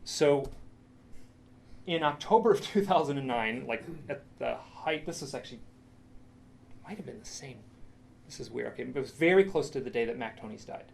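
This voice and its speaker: Faint noise underlies this lecture-room recording of a middle-aged man sharing a personal experience in an expressive, storytelling way. His voice sits mid-pitch with a gravelly, fry-tinged grain, and he keeps halting, restarting, repeating himself and adding dramatic quoted asides.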